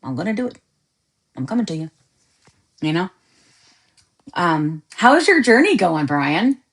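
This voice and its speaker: A woman's voice: on the low side, measured pace, slightly rough. A woman podcast host chatting casually with viewers on a live stream, joking and laughing often. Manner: animated, laughs often, jokey asides.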